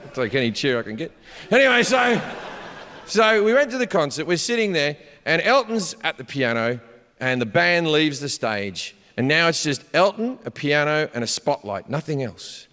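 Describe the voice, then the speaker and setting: A man doing profane, animated stand-up storytelling, shouting his punchlines on a large theater stage. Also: a little high. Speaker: stand-up comedian. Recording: live hall reverb, faint crowd ambience.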